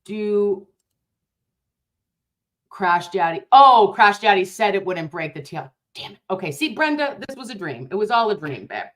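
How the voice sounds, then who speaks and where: A woman hosting a casual livestream chat, telling stories in a rambling, profane, animated way. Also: mid-range voice, a little slow. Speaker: livestream host.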